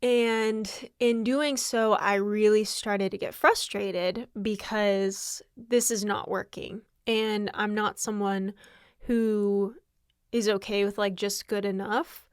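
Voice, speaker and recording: A woman's voice: mid-range voice, steady tone, slow, clean tone, dry recording, clean studio sound. A young adult woman hosting her own podcast in casual, candid chat, tired and laughing often. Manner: candid, rambling, with frequent laughs. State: exhausted. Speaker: podcast host.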